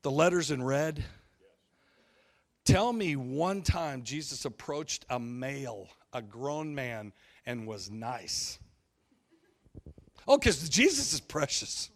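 A pastor preaching a sermon, telling funny stories bluntly and acting out the voices of the people in them. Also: male voice, mid-range voice, expressive, slow pace, pauses often. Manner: humorous storytelling, acting out quoted voices; blunt and folksy.

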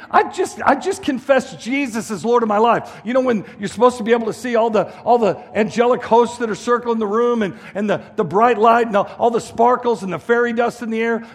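A middle-aged man preaches with a high, slightly husky voice. He talks emphatically, circling back and restarting phrases as he drives a point home. His sermon rings out in a church hall with a long reverb. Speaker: guest pastor.

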